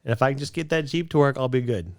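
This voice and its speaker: A man's voice: mid-range voice, fast, darkish tone, no echo, studio quality. A man in his late twenties co-hosting a podcast, telling a rambling story in casual chat, with lots of restarts. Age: late 20s. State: a bit out of breath. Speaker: podcast co-host.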